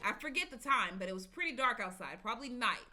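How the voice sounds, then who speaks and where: A woman's voice: on the high side, expressive, fast. A woman streaming gameplay, cursing casually as she reacts and reads the dialogue aloud, with game music behind.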